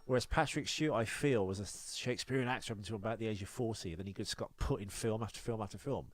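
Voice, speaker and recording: A man's voice: fairly low pitch, quick pace, dry recording. A man co-hosting a podcast, chatting casually and reeling off opinionated film facts. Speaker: podcast co-host. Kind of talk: casual chat.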